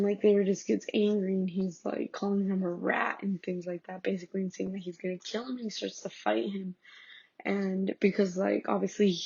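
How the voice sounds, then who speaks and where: A woman's voice: mid-range voice, creaky, dark tone, breathy edge, no room sound. A woman summarizing a play for a class in a hesitant way, full of likes and restarts. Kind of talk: casual plot summary. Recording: dull lo-fi dry recording.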